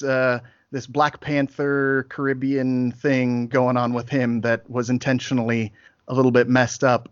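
A man's voice: mid-range voice, no room sound. Chatty man, dry muffled audio. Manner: upbeat, chatty, restarts phrases. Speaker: podcast guest, author and audiobook narrator. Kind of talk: casual podcast chat.

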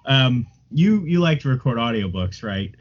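Animated, teasing male podcast host. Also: medium pitch, moderate pace, highs cut off. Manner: joking, teasing, steers the talk. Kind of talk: casual podcast chat.

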